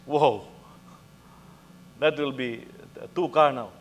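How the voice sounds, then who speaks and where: A man's voice: mid-range voice, steady tone, a little slow, long pauses, long reverb tail, a little hiss or hum. A male pastor preaching conversationally, acting out little dialogues and firing rhetorical questions at the congregation. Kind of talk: sermon.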